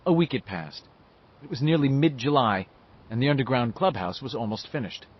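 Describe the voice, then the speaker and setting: Expressive male audiobook narrator. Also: mid-range voice, moderate pace, husky, muffled recording. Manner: lively, expressive reading. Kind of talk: scripted narration.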